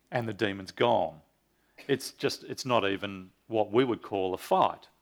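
A man's voice: lowish voice, slow. A man preaching a sermon in an earnest teaching tone, reading scripture aloud and asking his listeners questions. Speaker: pastor.

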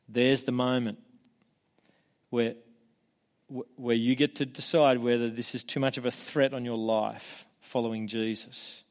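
A man preaching a sermon in an animated way, acting out the voices he quotes and often restarting his words. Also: mid-range voice. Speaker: pastor.

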